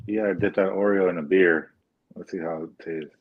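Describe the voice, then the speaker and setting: Low, husky man with dry asides. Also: steady tone, a little fast, narrow, tinny audio. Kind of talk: casual live-stream chat.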